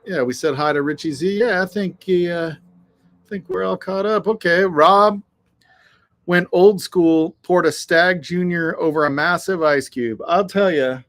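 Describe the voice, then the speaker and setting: A man with a high-pitched, fairly bright voice hosts a casual livestream chat outdoors in the wind on an afternoon, speaking at a measured pace. He keeps things laid-back, swears freely, and names viewers as he greets them.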